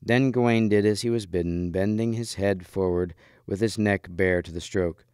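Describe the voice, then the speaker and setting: Measured man reading a storybook aloud. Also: on the low side, clear, resonant tone, dry recording, studio quality. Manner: measured, expressive narration. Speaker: reader.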